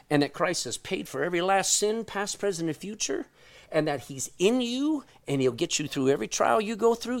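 A middle-aged man delivering a sermon in an animated storytelling way. His fairly high voice rises and falls widely, jumping from loud outbursts to hushed asides. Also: gravelly. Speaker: pastor.

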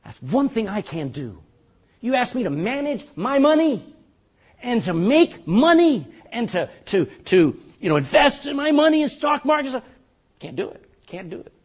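An older male pastor preaching in a husky, fairly high voice. His pitch swings widely as he works the room with jokes and rhetorical questions. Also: sing-song, moderate pace. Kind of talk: sermon.

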